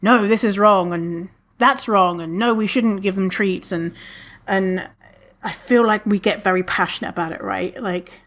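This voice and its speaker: A woman hosting a podcast alone, chatting casually, swearing freely and laughing often, with many restarts. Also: measured pace. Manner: animated, lots of restarts, acts out quotes in a higher voice. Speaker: podcast host. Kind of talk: casual solo podcast talk.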